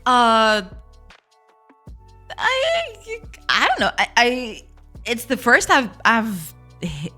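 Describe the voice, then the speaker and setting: Laughing woman streaming, lively pitch. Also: drawn-out words, long pauses, soft background music. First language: Portuguese. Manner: laughs often, chats with viewers. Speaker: game dev streamer. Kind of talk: casual live-stream chat.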